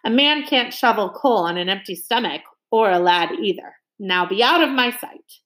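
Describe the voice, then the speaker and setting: A woman's voice: mid-range voice, animated, moderate pace, natural voice. Woman putting on a bellowing old sea captain. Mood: gruff. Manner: loud, blustering, barking orders. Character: gruff bellowing older male sea captain.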